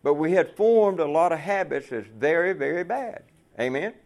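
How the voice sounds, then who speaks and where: A man's voice: a little high, expressive, normal speed, a little mellow. A man preaching a folksy sermon to fellow truckers, asking the room rhetorical questions.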